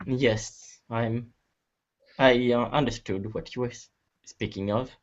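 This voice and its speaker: A calm, scheming male vampire, played by a man in an online tabletop game, polite and formal, weighing each word very slowly. His voice is mid-pitched, and the sound comes through dull and muffled like a video call. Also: close to an everyday voice. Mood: measured. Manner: slow, formal, measured.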